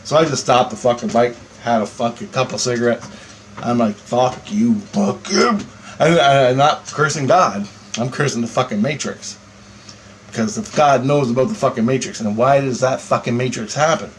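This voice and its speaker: Man, profane rambling vlog rant, swears nonstop, animated storyteller, faint background hiss. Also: medium pitch, normal speed. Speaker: vlogger.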